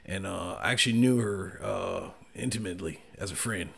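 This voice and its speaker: A man trades crude jokes as a podcast guest host, drawling and ending his lines with "man." His voice is very low, with a gravelly fry and a sharp, bright edge. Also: normal speed. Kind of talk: crude comic banter.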